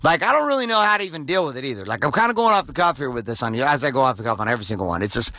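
A man in his forties hosts a podcast, talking off the cuff in an intense, profane, filler-heavy way. His voice is forceful and tense. The sound is dry and close. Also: mid-range voice, sing-song, racing, dry recording. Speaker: podcast host. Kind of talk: off-the-cuff motivational monologue.

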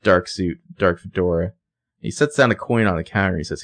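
Gravelly low-voiced man chatting. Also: fairly quick, no room sound. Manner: enthusiastic, lots of "like" fillers. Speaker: podcast co-host. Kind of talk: casual recap chat.

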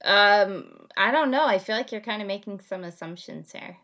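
A woman's voice: medium pitch, expressive, normal speed, fairly bright tone. A woman co-host with a dry, teasing delivery who laughs easily. Her voice comes through somewhat dull and lo-fi, as if the recording has lost its top end. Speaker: podcast co-host. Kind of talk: casual comedic chat.

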